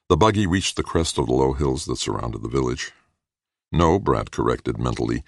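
A man narrating an audiobook in a measured, steady reading. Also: extremely low pitch, vocal fry, husky, dry recording, clean studio sound. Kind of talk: scripted narration.

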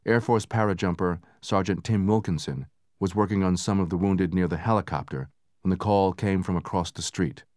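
A man narrating a book in steady, measured scripted narration, raising his voice for the soldiers' lines. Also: sits low, no echo, studio quality. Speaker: audiobook narrator.

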